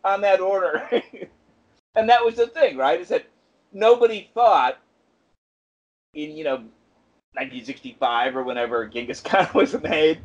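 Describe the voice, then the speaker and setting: A man with a somewhat high voice co-hosts a casual podcast, chatty and quick to break into laughter. His recording sounds dull and lo-fi, with the top end rolled off. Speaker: podcast co-host.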